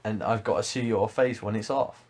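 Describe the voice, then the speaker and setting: A man's voice: on the low side, normal speed, a little mellow, breathy edge. A young man co-hosting a casual podcast, chiming in with agreement and jokes. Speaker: podcast co-host.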